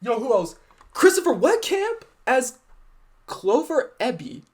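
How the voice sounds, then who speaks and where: A man hosting a fan reaction video, gushing and shouting with excitement over the show he is watching. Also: very high voice, slow.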